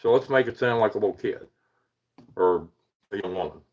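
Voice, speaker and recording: A man's voice: on the low side, fairly quick, darkish tone, muffled recording. A man hosting a casual livestream, rambling, greeting viewers by name and chuckling at himself. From Eastern United States. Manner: rambling, self-deprecating, chuckles often, greets chatters. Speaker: paranormal livestream host.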